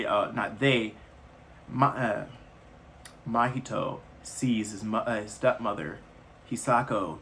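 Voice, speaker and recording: A man's voice: medium pitch, a bit bright, slight background noise. Casual man rambling through a movie recap. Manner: loose, rambling retelling with slangy asides. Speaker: movie reviewer.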